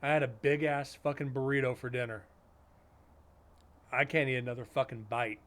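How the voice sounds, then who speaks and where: A man's voice: medium pitch, fairly even intonation, moderate pace, a bit bright. A man streaming live, chatting casually with viewers in a blunt, sarcastic way and swearing freely.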